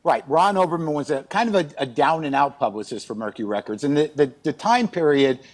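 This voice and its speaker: A middle-aged man with a fairly high, animated voice tells comic stories at a brisk clip, rambling along in an exasperated, self-mocking way. He's a guest in a comic storytelling chat, joining by remote video call from outside his house.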